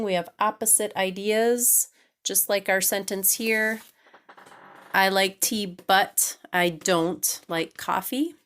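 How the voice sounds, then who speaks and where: Slow, patient woman teaching grammar. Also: mid-range voice, smooth. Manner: patient, checks in with "okay?" often; slow and deliberate, reads examples aloud. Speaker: English teacher. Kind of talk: grammar lesson at a whiteboard.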